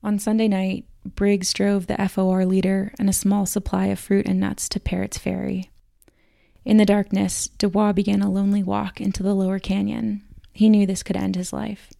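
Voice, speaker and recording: Gravelly woman host, flat and steady, reading scripted documentary narration. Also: mid-range voice, no room sound, studio quality. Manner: measured storytelling reading. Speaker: podcast host.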